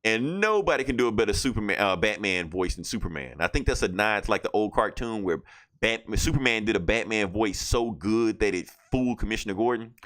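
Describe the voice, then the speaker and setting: A man with a fairly low voice hosts a podcast. He recaps comic books in a loose, casual way and swears freely. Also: lively intonation, fairly quick, a bit bright. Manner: loose, profane storytelling. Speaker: podcast host.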